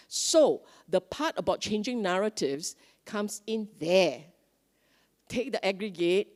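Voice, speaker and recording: At a Buddhist retreat, a woman gives a lively, conversational dharma talk, often posing questions to her listeners. Her voice is medium in pitch and she takes her time.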